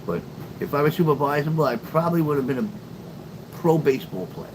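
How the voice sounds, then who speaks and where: A man's voice: fairly high pitch, a little fast. Profane, chatty male live streamer, noisy background. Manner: talks back to chat, profane and sarcastic. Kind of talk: casual late-night livestream chat. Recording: steady background noise.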